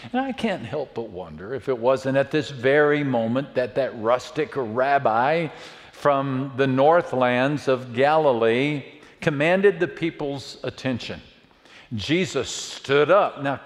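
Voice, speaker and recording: A man preaching a sermon to a church, dramatic, swinging from hushed words to loud calls. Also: medium pitch. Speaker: pastor. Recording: long reverb of a church hall.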